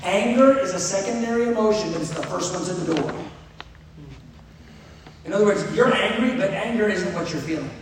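A middle-aged pastor preaching in a relaxed, conversational way, as if chatting with his congregation. His voice sits a little high for a man. It comes from far off the mic in a big, echoing church hall with faint noise behind. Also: a little fast. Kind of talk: sermon.

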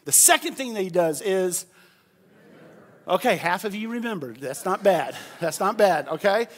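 A man preaching a sermon, moving from quiet storytelling to loud, shouted preaching and leading the congregation in call-and-response. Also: sits high, animated, normal speed. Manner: leads the congregation in repeating phrases. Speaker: pastor.

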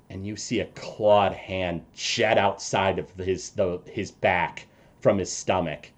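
Slow, low-voiced male game master. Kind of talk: narrating a tabletop game.

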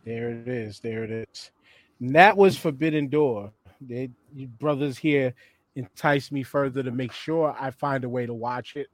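A man hosting a podcast, relaxed as he steers the talk to the next topic. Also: medium pitch, a little slow, dry recording. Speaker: podcast host.

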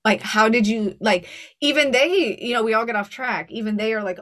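A woman in her forties, telling stories as a guest in a casual podcast interview, chatty and quick to laugh. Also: on the high side, fairly bright tone. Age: 40s. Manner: chatty, laughs often, storytelling. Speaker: guest style coach.

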